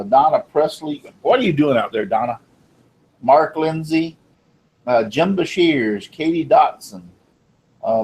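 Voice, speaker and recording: Upbeat man reeling off shout-outs. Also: medium pitch, rough recording. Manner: friendly, upbeat, reels off names. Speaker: co-host. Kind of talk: casual live-stream chat. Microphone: video call.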